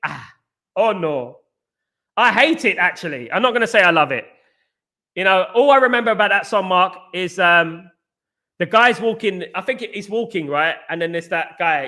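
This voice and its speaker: A man hosting a football fan live stream, bantering and giving shout-outs to viewers in the chat. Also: high-pitched, lively intonation, moderate pace. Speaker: host.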